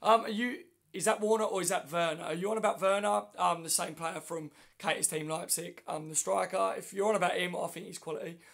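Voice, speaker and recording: This man runs a casual phone livestream for fans, his voice hoarse from the flu as he matily replies to each viewer comment in turn. He speaks high and steady with a fairly bright tone, moving briskly with few pauses.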